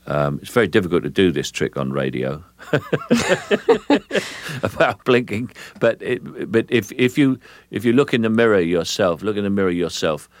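An older man from London, an actor as an interview guest, speaking in a measured, deliberate way and pausing to restart sentences. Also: dry recording. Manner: measured, deliberate, with frequent restarts and low chuckles. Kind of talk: relaxed, anecdotal interview talk.

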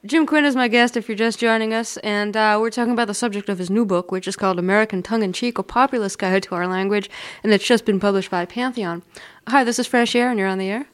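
Brisk female radio host. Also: medium pitch. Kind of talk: radio call-in hosting.

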